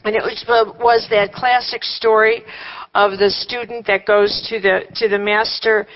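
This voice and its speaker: A woman's voice: medium pitch, little pitch movement, a little slow. Woman teaching a workshop, lo-fi. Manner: conversational, with rhetorical questions and wry humor. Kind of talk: live workshop talk to a group. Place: room with a seated group.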